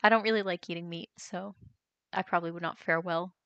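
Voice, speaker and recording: A young woman from the United States, a streamer chatting casually, reading out chat and reacting with quick laughs. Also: lowish voice, fairly even intonation, fairly bright tone, dry recording, highs cut off. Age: young adult.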